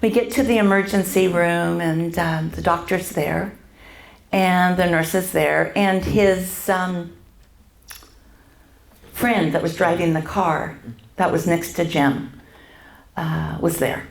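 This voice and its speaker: Slow gravelly older woman, echoey room. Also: on the low side, steady tone. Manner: halting, with many pauses and fillers. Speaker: church member sharing her testimony. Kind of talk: personal faith testimony. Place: church event hall.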